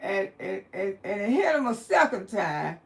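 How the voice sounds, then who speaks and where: A woman hosting a live stream in casual chat, expressive and colloquial and quick to laugh. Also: mid-range voice, creaky. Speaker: livestream host.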